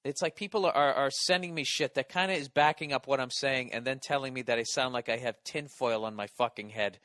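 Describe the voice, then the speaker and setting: Bright-voiced man ranting profanely. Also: medium pitch, fairly quick, no room sound. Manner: profane, exasperated ranting with restarts. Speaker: podcast host. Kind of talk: comedic rant monologue. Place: Los Angeles.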